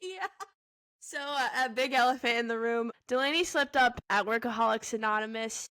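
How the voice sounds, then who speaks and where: A giggly young woman in her twenties rambles through casual chat, with "like" in nearly every sentence. Her voice sits high and sounds bright. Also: moderate pace. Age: 20s. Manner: giggly, rambling, heavy use of "like". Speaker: podcast co-host.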